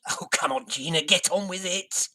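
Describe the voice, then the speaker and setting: A woman's voice: on the low side, normal speed, pushed and bright. An amateur actress playing a catty, teasing female actress in a company. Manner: wry, teasing.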